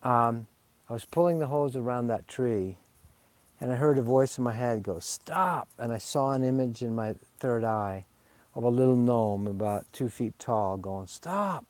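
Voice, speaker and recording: A man's voice: mid-range voice, steady tone, moderate pace, darkish tone, no echo. A man from Sweden, slightly tipsy, talking in a rambling, confessional way outdoors in a garden, drifting from one story to the next. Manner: meandering, digressive, confessional. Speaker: spiritual vlogger. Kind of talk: rambling casual monologue. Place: outdoors in a garden under a fruit tree.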